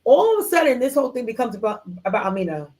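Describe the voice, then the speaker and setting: A woman's voice: a little high, rapid-fire, low-quality recording. A woman hosting a casual live book discussion, chatty and slangy, acting out characters' lines as she retells the story. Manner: animated storytelling, acts out characters' lines in quotes; slangy, chatty, many fillers like "like" and "um". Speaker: book club host.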